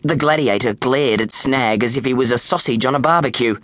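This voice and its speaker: A man with an Australian accent narrating a children's storybook in a lively, playful way on a close studio mic. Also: medium pitch, fast, hardly any pauses, no room sound. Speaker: audiobook narrator.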